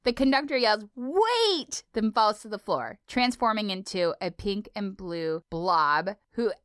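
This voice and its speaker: A woman's voice: mid-range voice, steady tone, measured pace, a bit bright, smooth, dry recording, clean studio sound. A woman co-hosting a podcast, recapping a cartoon episode in casual, playful chat. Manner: chatty, giggly, playful. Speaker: podcast co-host.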